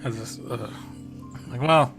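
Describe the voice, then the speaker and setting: Man, tabletop player, halting, fillers, faint music. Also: mid-range voice, fairly bright tone. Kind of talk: tabletop role-play, in and out of character. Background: faint background music.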